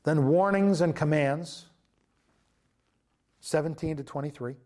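Male pastor, sermon, earnest, conversational, fillers and restarts, somewhat high pitch. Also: unhurried, a little mellow.

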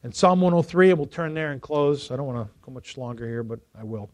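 A male pastor preaching a sermon to a congregation, lively and joking with them, rising to loud emphasis. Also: mid-range voice, fast talker. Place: church before a congregation.

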